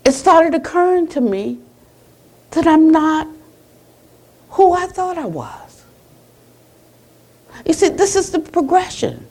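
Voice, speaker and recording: With an extremely high pitch, this American Buddhist teacher delivers a chatty dharma talk at a retreat center. She recounts conversations and closes gently with a blessing.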